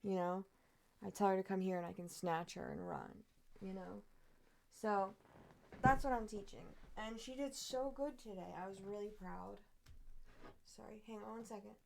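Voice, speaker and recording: A woman's voice: medium pitch, moderate pace, gravelly, slight background noise. A young woman streamer chatting casually and cooing in baby talk at her cat.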